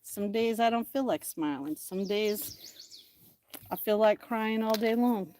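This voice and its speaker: A middle-aged woman hosting a casual livestream outdoors, chatty and excitable, talking straight to her viewers. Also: medium pitch, slow pace, slight background noise. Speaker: livestream host.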